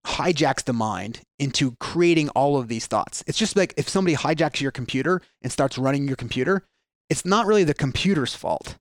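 A man's voice: medium pitch, animated, brisk, no room sound, studio quality. A man explaining ideas earnestly in a podcast conversation, with frequent restarts and fillers.

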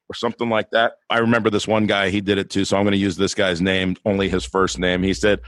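A man with a fairly low voice hosts a casual podcast chat, earnest and enthusiastic as he talks to his guests. The recording is dry and close, with no room sound. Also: little pitch movement, fast talker, hardly any pauses, a bit bright, dry recording. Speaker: podcast host.

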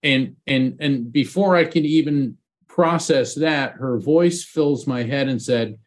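A man's voice: medium pitch, takes it slowly. A man, a psychic medium being interviewed as a guest, telling a personal story in an earnest, heartfelt way.

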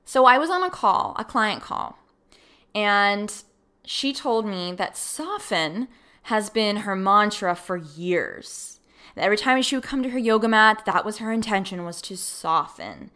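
A woman hosting a solo podcast, telling a personal story in a casual, animated way and acting out her own thoughts. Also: medium pitch, unhurried. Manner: animated, acts out her own past thoughts, laughs easily. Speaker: podcast host.

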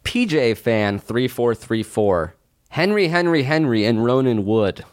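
A man's voice: medium pitch, very animated, a little slow, no room sound, clean studio sound. A man co-hosting a comedy podcast, chatting casually with frequent laughter and joking riffs. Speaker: podcast co-host.

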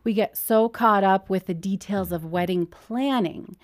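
A woman who is a counselor, a guest in an interview, telling stories and giving measured advice. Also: mid-range voice. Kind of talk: conversational interview.

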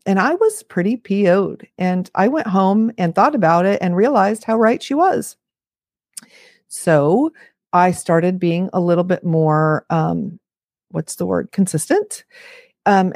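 A woman's voice: medium pitch, a little mellow, dry recording, studio quality. Chatty, frank woman in her fifties. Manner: chatty, frank, self-deprecating asides. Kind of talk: casual talk to camera.

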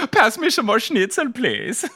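A man's voice: very high-pitched, sharp tone, breathy edge, dry recording, voice pushed up, full character voice. A man voicing a cheerful German man at the side of a basketball court, with a put-on German accent and a jolly, sing-song delivery. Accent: mock German.

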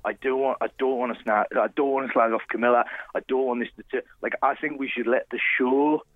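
A man telling stories in a casual radio chat, animated and full of restarts. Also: mid-range voice, fast talker, dry recording, narrow, tinny audio. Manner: animated storyteller, many restarts. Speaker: guest contestant.

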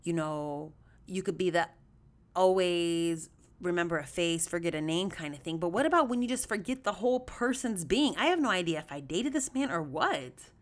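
A woman hosting a podcast, telling a story in a chatty, animated way, addressing her listeners as y'all and acting out quoted voices with big jumps in pitch. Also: normal speed. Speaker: podcast host. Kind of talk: casual storytelling monologue.

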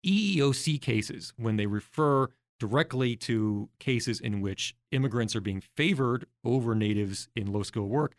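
A man's voice: mid-range voice, normal speed, few pauses, no echo. Man explaining in a dry podcast studio. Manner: explanatory, walks through examples step by step. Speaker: guest researcher. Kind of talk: podcast interview.

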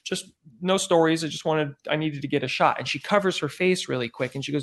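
A man, a podcast guest, casually telling an animated story and acting out the dialogue, peppered with "like" and "I go". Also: on the high side, brisk. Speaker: podcast guest, former celebrity news field producer.

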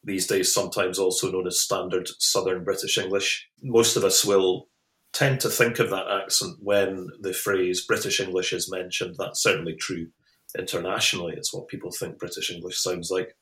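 Man, guest lecturer explaining, very low voice, echoey room. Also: flat delivery, normal speed, fairly bright tone. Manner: explanatory, with small restarts. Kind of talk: interview answers. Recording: roomy echo.

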